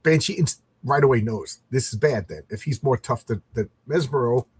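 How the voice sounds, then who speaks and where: Husky middle-aged guy rambling thru a comic review, chatty and loose. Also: medium pitch, normal speed, a little mellow, no echo. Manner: rambling, chatty, reads panels aloud in voices. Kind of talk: casual comic commentary.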